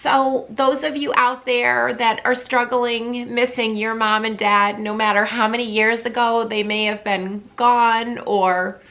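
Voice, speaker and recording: Woman, 50s, vlogger, candid and heartfelt, halting, unhurried, bright tone. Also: a little high, level tone. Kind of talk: personal talk to camera.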